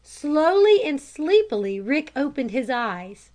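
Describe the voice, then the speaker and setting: A woman reading a children's storybook aloud in a calm, measured narration. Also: on the high side. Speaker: audiobook reader.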